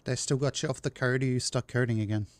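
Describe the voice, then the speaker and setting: A man's voice: mid-range voice, steady tone, quick pace, dry recording. A man live-streaming a city-building game, chatting casually and rambling to his chat while he plays.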